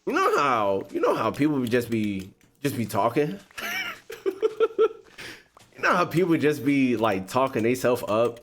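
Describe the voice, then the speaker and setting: A man hosting a gaming video, telling a story in a slangy, expressive way and often breaking into laughter. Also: mid-range voice, moderate pace, hardly any pauses. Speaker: gaming YouTuber host. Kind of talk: animated storytime while playing a game.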